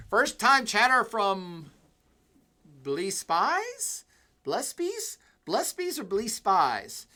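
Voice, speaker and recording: A man's voice: on the high side, a bit bright. A middle-aged man lecturing on a livestream, reading out chat with joking, irreverent asides. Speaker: university lecturer.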